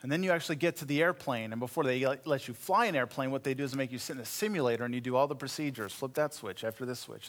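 A middle-aged man preaching a sermon, telling stories in an animated, wry way and acting out the voices in them. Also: quick pace, few pauses. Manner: animated storytelling, acts out quoted voices with rising pitch; wry, self-deprecating humor. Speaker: pastor.

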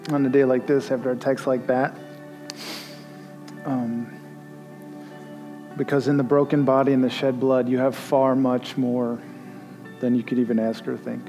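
A male pastor giving a conversational sermon and leading communion, rising to emphatic peaks. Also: mid-range voice.

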